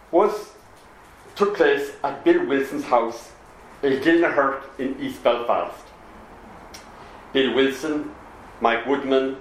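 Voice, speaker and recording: A man giving a public talk to an audience, reading and quoting from a pamphlet in a measured, explanatory manner. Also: medium pitch, a little hiss or hum. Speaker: public speaker. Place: meeting room with an audience. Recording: echoey room with faint ambience.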